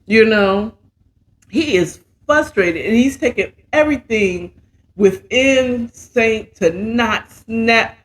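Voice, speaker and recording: A woman's voice: fairly high pitch, animated, slow. A woman hosting a casual bedtime story recap, chatting in a laid-back, slangy way while mixing and sipping a cocktail. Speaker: host and storyteller.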